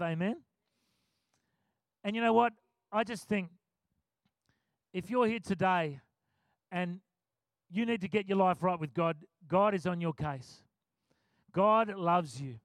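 A man preaching a sermon, telling a story with animated acted-out quotes. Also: high-pitched, moderate pace, pauses often, dry recording. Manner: animated, acts out quotes, chuckles often.

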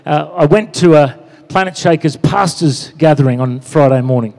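A man's voice: a little high, moderate pace, gravelly, mellow. A man preaching a sermon in a conversational way, with lots of "you know" and "amen?" asides. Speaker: pastor. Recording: long hall reverb.

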